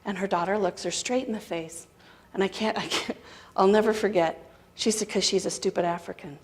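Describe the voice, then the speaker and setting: Woman, mid-pitch, storytelling talk, animated, voices the people in her story. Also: brisk. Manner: animated storytelling with quoted dialogue. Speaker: guest speaker.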